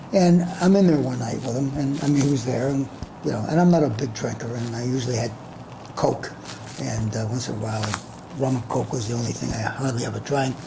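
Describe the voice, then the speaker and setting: An older man in boxing promotion tells a rambling story in an interview, tagging his points with "all right?" His voice sits in a middle register with a gravelly fry, over a faint background hiss. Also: medium pitch.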